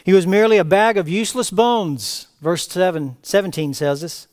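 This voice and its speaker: A man preaching a verse-by-verse sermon as pastor, reading scripture aloud with rising emphatic cries and then dropping to quiet asides. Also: high voice, moderate pace. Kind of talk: expository sermon. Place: church sanctuary.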